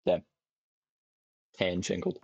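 Slow and a little mellow, a young man's voice comes through a dry, dull recording. He's casually commenting on a farming game he's streaming with a desk mic and webcam, rambling to himself and swearing a lot.

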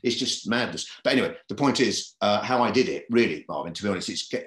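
A man's voice: low voice, a bit bright. A man telling stories about his career in a podcast interview, rambling a bit and repeating phrases. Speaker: comedy club booker and comedian. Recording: roomy echo.

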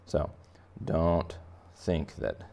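Low gravelly playful drawing teacher man. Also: expressive, drawn-out words, mellow, slight background noise. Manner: playful, jokey, conversational. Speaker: art teacher. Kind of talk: drawing lesson for kids.

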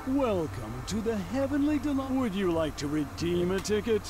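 Chirpy high kiosk clerk, sing-song and polite, a man putting it on, over game music. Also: sing-song, normal speed. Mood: chipper. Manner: polite, salesman-like. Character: cheery formal male kiosk clerk.

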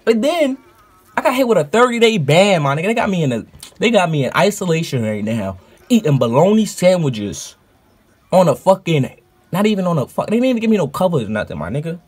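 A man with a husky voice tells a story straight to camera in a casual vlog. He talks animatedly and swears freely as he rants. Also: on the high side, big pitch swings, a little fast, darkish tone. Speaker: streamer.

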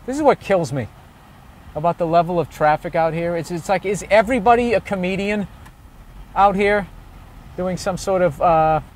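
A man comedian ranting from a car, high voice. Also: moderate pace, pauses often. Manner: profane, sarcastic, ranting. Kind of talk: casual rant while driving. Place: car in city traffic.

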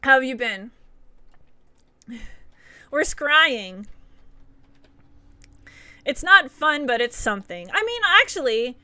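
Brief: bright, bubbly female streamer, giggly and chatty, dry close sound. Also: sits high, very animated, slow pace, pauses often, smooth, dry recording. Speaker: game streamer. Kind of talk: casual live-stream chat with viewers.

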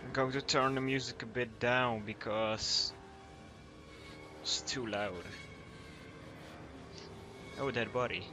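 A man's voice: medium pitch, steady tone, takes it slowly, pauses often, over music. A young man commenting nervously as he plays a horror game, joking and swearing as he goes. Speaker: gamer.

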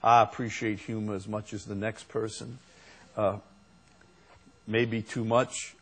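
Slow, husky-voiced male preacher. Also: fairly low pitch, level tone, fairly bright tone. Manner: slow, unhurried preaching that rises to emphatic peaks. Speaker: pastor. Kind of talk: sermon.

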